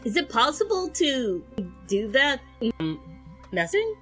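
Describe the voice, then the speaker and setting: A woman playing a tabletop game, chatting casually and slowly. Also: high voice, wildly swooping pitch, a bit bright, faint music behind, low-quality recording. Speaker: player.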